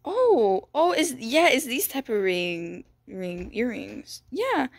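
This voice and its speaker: Young female gaming creator: bright high voice that swoops all over, gasps, gushes, dry close sound. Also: takes it slowly, no room sound. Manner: gushing and excitable, gasping, repeating "dude" and "bro". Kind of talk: excited game walkthrough commentary.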